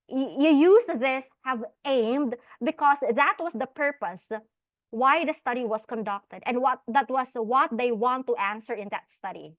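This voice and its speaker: Lecturer, woman, Filipino accent, slightly high voice, code-switching between English and Tagalog, rhetorical questions, muffled dry recording. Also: no echo. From Philippines. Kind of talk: academic lecture. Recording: dull muffled dry sound.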